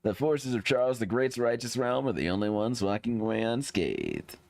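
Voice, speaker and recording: A man's voice: mid-range voice, sing-song, moderate pace, creaky, a little mellow, no echo, clean studio sound, pitched above the performer's own voice. A man voicing a male army officer giving a formal battle report.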